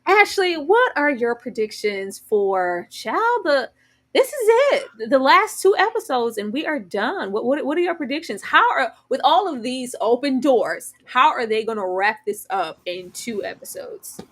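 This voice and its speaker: A woman co-hosting a casual TV recap chat, animated and sassy, often acting out characters' lines. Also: high voice, a little slow. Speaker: podcast co-host.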